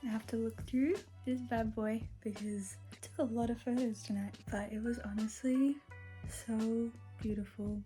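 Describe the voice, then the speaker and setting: A woman's voice: fairly high pitch, fairly even intonation, moderate pace, mellow, soft background music. A young woman in her twenties chatting to the camera in a casual vlog, gushing and sometimes half-whispering. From Australia. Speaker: vlogger.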